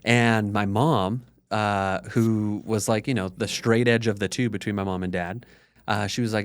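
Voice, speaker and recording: A man's voice: fairly low pitch, steady tone, moderate pace, smooth, no echo. A man in his thirties, a podcast guest, telling his story in a candid, conversational way full of "like". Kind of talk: casual storytelling interview.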